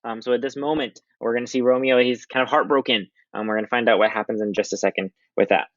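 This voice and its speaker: A man's voice: medium pitch, steady tone, fast, a bit bright, dry recording. A male teacher explaining a play in a casual, chatty way with many ums. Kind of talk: recorded literature lesson. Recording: dull lo-fi dry recording.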